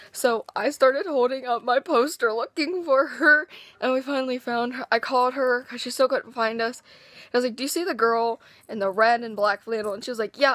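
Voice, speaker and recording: A teenage girl with a hoarse, worn-out voice, excitedly telling a rambling story in a casual vlog. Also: a little high, dry recording. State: hoarse, lost voice. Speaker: vlogger.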